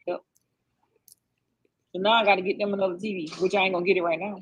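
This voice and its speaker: A woman's voice: mid-range voice, level tone, fast, a little hiss or hum, close to an everyday voice. A woman talking casually in a vlog clip, rambling offhand about chores and her kids. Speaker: vlogger in a clip being reacted to. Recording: dull lo-fi playback audio.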